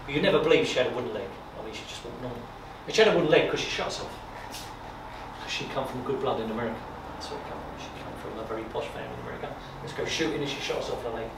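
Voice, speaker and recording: A man giving an informal talk at an exhibition, telling stories in a chatty, animated way with repetitions and asides. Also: medium pitch, rapid-fire. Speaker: guest speaker on wartime history. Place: exhibition room. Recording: echoey room from far off, noisy.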